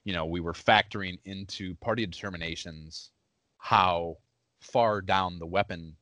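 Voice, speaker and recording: A man co-hosting a casual gaming podcast, talking in an animated, profane way and laughing often. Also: deep voice, unhurried, no echo. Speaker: podcast co-host.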